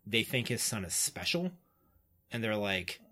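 A podcast co-host rambling casually through a TV plot, packing his talk with "like" and quick laughs. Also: fairly low pitch, very animated, pushed and bright. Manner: rambling, filler-heavy retelling with frequent "like" and laughs. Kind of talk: casual chat.

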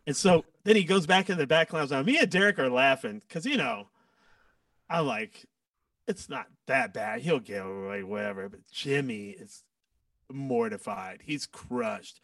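A man, a guest musician, telling stories in a casual, animated way and acting out quoted lines. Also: mid-range voice, unhurried, no room sound, far from the mic. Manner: animated, acts out quotes with laughs. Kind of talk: casual storytelling.

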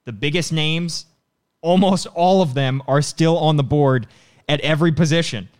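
Male podcast co-host, brisk and rambling, clean resonant tone. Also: fairly high pitch, smooth. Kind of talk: casual sports podcast chat.

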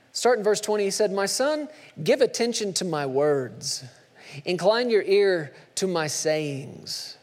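Male pastor, sermon delivery, high-pitched, punchy repeated calls, reverberant church room. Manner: preaching with rising intensity and repeated calls.

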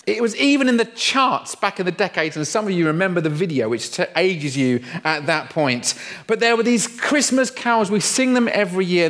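A man's voice: high voice, a bit bright. A middle-aged man, preaching a humorous sermon in a playful, self-mocking storytelling way. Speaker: pastor.

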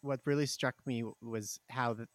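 A man's voice: medium pitch, steady tone, moderate pace, no room sound. A man in a mid-range voice hosts a casual conversation. He speaks thoughtfully and often stops to search for the right word. The recording is close and dry. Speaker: podcast host.

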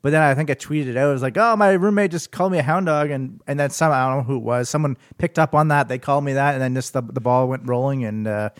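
A man's voice: mid-range voice, fairly even intonation, fast talker, hardly any pauses, no echo, clean studio sound. Hesitant, stammering man guest. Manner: hesitant, repeats words. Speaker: podcast guest. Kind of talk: casual chat.

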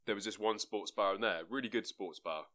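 Male co-host, bright voice, loose sweary banter. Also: on the low side, fairly quick. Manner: rambling, sweary, restarts sentences. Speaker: podcast co-host. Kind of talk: casual chat.

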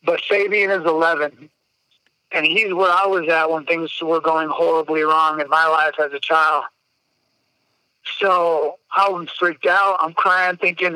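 A man's voice: on the high side, steady tone, unhurried, pushed and bright, smooth, no echo, rough recording. A man, telling a personal story on a podcast in a candid, emotional way, swearing freely. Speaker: podcast guest. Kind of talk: casual storytelling.

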